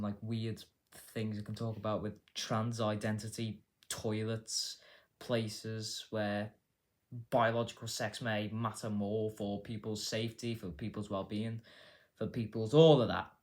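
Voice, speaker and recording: A man's voice: fairly low pitch, level tone, a little slow, darkish tone. A man hosting a casual news commentary show, rambling and swearing with a sarcastic edge. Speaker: host.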